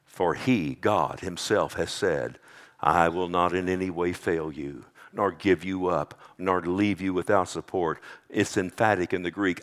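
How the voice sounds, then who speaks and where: A man's voice: sits low, moderate pace, fairly bright tone. A middle-aged male pastor preaching a sermon, quoting scripture and pressing his points with rising emphasis.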